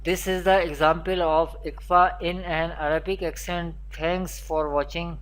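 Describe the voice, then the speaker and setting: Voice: medium pitch, little pitch movement, measured pace. A Quran teacher giving a beginner recitation lesson, naming letters one at a time and repeating spelling drills. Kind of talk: recorded beginner pronunciation lesson.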